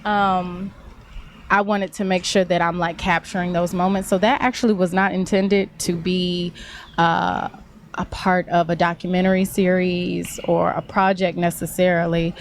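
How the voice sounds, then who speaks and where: A young woman guest explaining her oral history project in casual conversation, thoughtful and quick to laugh. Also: lowish voice, level tone, a little hiss or hum. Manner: warm-hearted, laughs often, thoughtful explaining.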